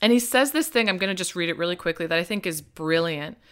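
A woman from Nebraska co-hosting a movie review podcast, talking in an enthusiastic, expressive casual chat. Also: on the low side, fast talker, clear, resonant tone. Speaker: podcast co-host.

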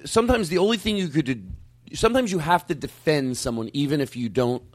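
A man's voice: a little high, lively intonation, quick pace, no echo. A man hosting a podcast in casual chat, rambling and cursing as he cuts himself off mid-sentence. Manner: rambling, profane, self-interrupting. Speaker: podcast host.

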